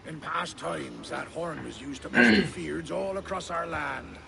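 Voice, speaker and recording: An actor playing a gruff older male village reeve in a medieval game, speaking in a stately, old-fashioned way. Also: fairly high pitch, a little slow, crowd noise. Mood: solemn.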